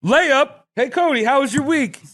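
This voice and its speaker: A man's voice: extremely high pitch, moderate pace, fairly bright tone. A man co-hosting a podcast, joking around in playful banter. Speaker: podcast co-host. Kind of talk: casual chat.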